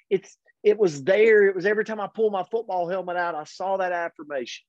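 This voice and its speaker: A man hosting a daily motivational pep talk, earnest and energetic, speaking directly to his audience. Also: high-pitched, fast, hardly any pauses, no room sound. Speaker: host and motivational coach. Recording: dull, lo-fi dry recording.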